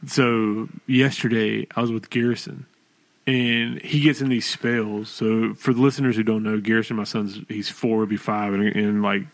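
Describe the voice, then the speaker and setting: Young father telling animated stories. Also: fairly low pitch, normal speed. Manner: animated storytelling, acting out his son. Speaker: podcast co-host. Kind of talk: casual chat.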